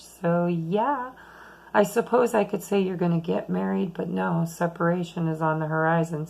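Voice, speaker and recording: A woman giving a chatty, rambling tarot reading at home late at night, losing her voice and talking softly at times. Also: lowish voice, creaky, poor audio. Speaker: tarot reader.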